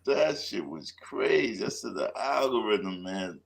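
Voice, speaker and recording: A man co-hosting a show, chatting casually in loose, slangy banter with quick laughs. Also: lowish voice, expressive, creaky. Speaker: podcast co-host. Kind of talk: casual chat.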